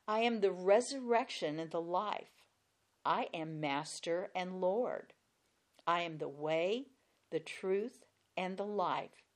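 A woman giving a Bible teaching, speaking in a deliberate, emphatic way. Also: medium pitch. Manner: slow, deliberate, emphatic delivery.

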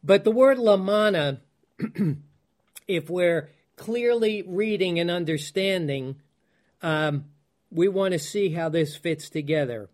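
A male preacher delivering a teaching sermon with a fairly high voice. He talks slowly, pausing on fillers and restarting phrases, then repeats key points for emphasis. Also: animated. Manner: unhurried, many fillers and restarts, emphatic repetitions.

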